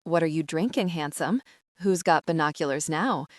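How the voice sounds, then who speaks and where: A woman's voice: low-pitched, normal speed, no room sound, studio quality, lightly acted. A woman voicing a cocky, drawling ballplayer. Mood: flirty. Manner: teasing, lazy drawl.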